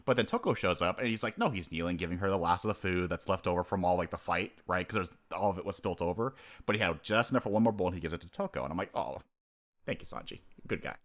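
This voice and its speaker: A man co-hosting a podcast in casual chat, animated, acting out characters' lines and his own reactions and laughing often. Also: low voice, racing, few pauses. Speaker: podcast co-host.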